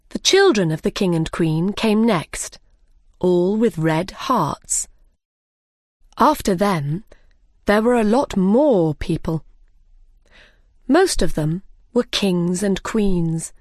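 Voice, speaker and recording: Slow, careful woman storyteller. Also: medium pitch, dry recording, studio quality. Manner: slow, careful, clear reading. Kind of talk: scripted narration of a simple storybook.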